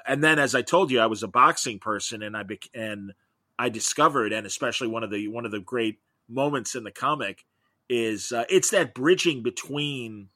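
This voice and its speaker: A man's voice: mid-range voice, sharp tone, dry recording. A middle-aged man, a comics podcaster, chatting as an interview guest and telling long, enthusiastic, rambling stories. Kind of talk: casual interview chat.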